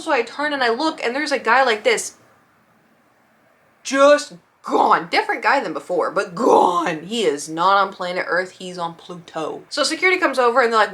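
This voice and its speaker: Bright-voiced young woman telling a story. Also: mid-range voice, brisk. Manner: animated, acts out quotes in shifting voices. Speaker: vlogger. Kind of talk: casual storytime chat.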